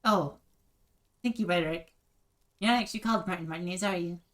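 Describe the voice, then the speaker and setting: A woman's voice: lowish voice, fast talker. A woman streaming a video game and chatting casually with frequent laughter. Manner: chatty, giggly.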